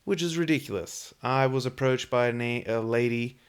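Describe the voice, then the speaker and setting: Blunt, swearing young podcast host. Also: male voice, mid-range voice, normal speed, clean tone. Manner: blunt, ranting, heavy swearing. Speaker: podcast host and Navy corpsman. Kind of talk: casual profane monologue.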